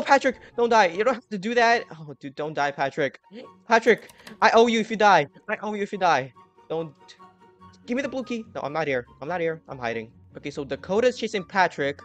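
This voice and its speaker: A man giving live gameplay commentary, excitably yelling at his teammates and swinging from muttering to shouting. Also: high-pitched. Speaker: gaming channel host.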